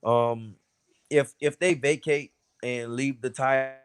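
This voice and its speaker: A man's voice: mid-range voice, fairly even intonation, takes it slowly, clear, resonant tone, dry recording. A man with an American accent, a boxer chatting casually and slangily as a guest over a remote call. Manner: laid-back, slangy, "you know what I'm saying" fillers. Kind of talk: casual chat.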